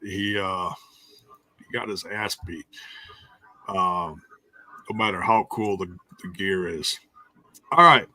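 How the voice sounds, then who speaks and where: Male podcast host: bright, crisp tone in a dry room, joking and rambling. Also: sits low, slow pace, pauses often, no echo. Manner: joking, rambling, with frequent fillers. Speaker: wrestling review podcast host. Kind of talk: casual chat.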